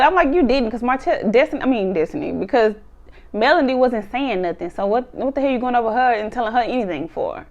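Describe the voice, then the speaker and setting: A woman, recapping a reality show in casual chat, animated, laughing often and acting out cast members' lines. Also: mid-range voice, quick pace, highs cut off.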